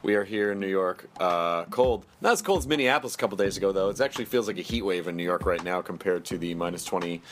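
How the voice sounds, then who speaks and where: A man's voice: low voice, a little hiss or hum. A man in his thirties hosting a podcast, joking around in casual comedic chat. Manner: joking, playful, quick asides. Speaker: podcast host.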